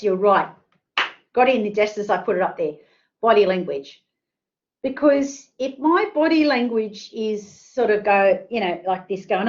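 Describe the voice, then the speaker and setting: A woman's voice: mid-range voice, a little mellow, lo-fi sound. A woman presenting an online careers workshop, chatty and full of fillers, asking the audience questions. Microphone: video call.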